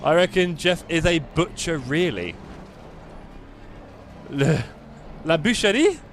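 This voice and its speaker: Taking it slowly, this English man speaks with a fairly high voice over a little hiss or hum. He drives a racing sim while chatting and joking with his live-stream viewers on a desktop USB mic.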